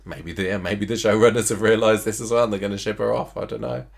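Deep-voiced laid-back man podcaster. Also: steady tone, fast, vocal fry. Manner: laid-back, dry remarks, hesitant restarts. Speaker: podcast co-host. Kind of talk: casual chat.

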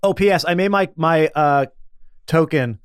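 A man's voice: a little high, moderate pace, clear, resonant tone, dry recording, studio quality. Joking man at a tabletop game. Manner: joking, giggly. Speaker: player. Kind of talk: casual chat.

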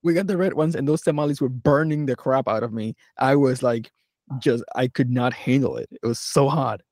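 A man's voice: mid-range voice, a little fast, darkish tone, no echo, clean studio sound. A young man from Philadelphia telling a road-trip story in a casual podcast chat, rambling and laughing as he acts out the people he met. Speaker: podcast co-host.

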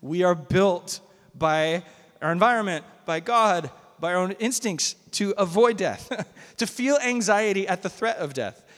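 A man's voice: high voice, animated, measured pace, a bit bright. Conversational preaching man, hall reverb. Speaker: pastor. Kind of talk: sermon. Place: church sanctuary. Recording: long reverb of a church hall.

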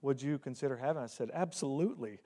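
A man's voice: medium pitch, fast talker, mellow. A man, the host pastor, introducing a guest speaker in a chatty, rambling way. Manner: chatty, with many fillers.

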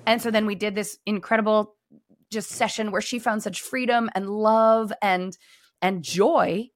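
A woman's voice: mid-range voice, steady tone, a little slow, dry recording, studio quality. A middle-aged woman, a former pastor, hosting a podcast in casual conversation and telling stories animatedly with voiced quotes. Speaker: podcast host.

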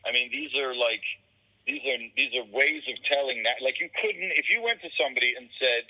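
Guy with a super bright sharp voice, cursing a lot, ranting hard in a chat. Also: mid-range voice, sing-song, brisk, gravelly, low-quality recording. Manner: profane, emphatic ranting. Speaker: guest. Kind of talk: casual conversation.

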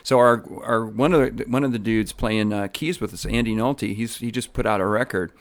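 A man's voice: fairly low pitch, fairly even intonation, moderate pace, dry recording. Hesitant man with a dry sound. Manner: hesitant, many fillers, hedging. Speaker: musician guest. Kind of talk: casual interview chat.

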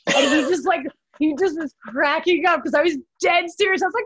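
A woman hosting a casual chat, upbeat and quick to laugh. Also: extremely high pitch, fairly bright tone, dry recording. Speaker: host.

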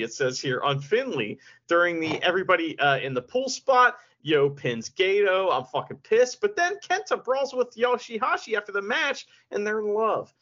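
A man co-hosting a podcast in casual chat, excitable and profane, with laughing asides. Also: fairly high pitch. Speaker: podcast co-host. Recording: dull lo-fi sound.

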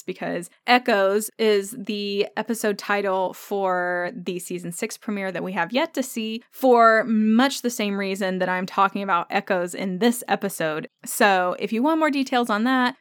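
A woman hosting a solo podcast, talking through her thoughts in a relaxed, conversational way. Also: medium pitch, no echo, clean studio sound. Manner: thoughtful, conversational, thinking aloud with fillers. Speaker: podcast host. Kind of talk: solo podcast episode discussion.

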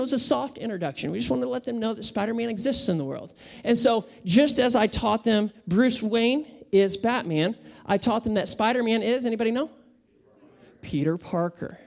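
A man in his thirties, a pastor preaching a sermon with animated, humorous storytelling. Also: sits high, creaky.

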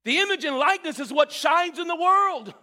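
High-voiced enthusiastic preacher man in a hall. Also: lively intonation, a little fast. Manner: enthusiastic, repetitive, swings between shouting and murmuring. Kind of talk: sermon.

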